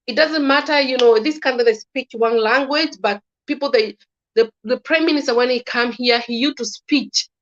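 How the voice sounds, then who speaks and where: A woman with a Kenyan accent giving casual political opinions in halting speech, with many restarts and repeated words. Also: a little high, a bit bright. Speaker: guest commentator. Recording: slightly dull lo-fi recording.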